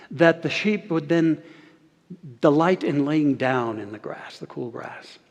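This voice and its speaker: Earnest male pastor in a reverberant sanctuary. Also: a little high. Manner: earnest, slows and softens on key phrases, leads congregation in repeating. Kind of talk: sermon. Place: church sanctuary. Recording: long hall reverb.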